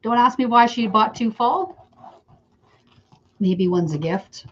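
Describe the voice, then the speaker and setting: A woman's voice: on the high side, slow, a bit bright. A middle-aged woman from Canada teaching wreath making in a casual live stream, chatting with viewers by name as she works. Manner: chatty, talks to viewers by name while working. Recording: slightly dull lo-fi sound.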